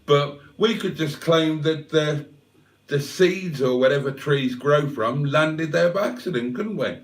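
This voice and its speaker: A man's voice: on the high side, measured pace, distant mic. A man hosting a livestream, telling a wry, rambling story with self-mocking asides. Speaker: livestream host. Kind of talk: casual livestream chat.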